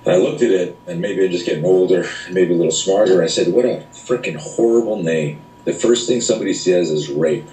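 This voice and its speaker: Middle-aged male instructor, low voice, blunt animated storyteller who swears freely; echoey room, slight hiss. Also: brisk, few pauses. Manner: animated, profane, acts out quoted voices. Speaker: self-defense instructor, interview guest. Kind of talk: casual interview storytelling. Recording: roomy echo, speaker off-mic, faint noise.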